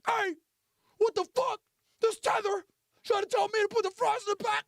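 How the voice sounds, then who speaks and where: Man putting on a shrill, outraged broke guy. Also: wildly swooping pitch, moderate pace, a bit bright, dry recording, clean studio sound, exaggerated voice. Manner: shrill, indignant outbursts. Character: broke, hot-tempered young man, yelling.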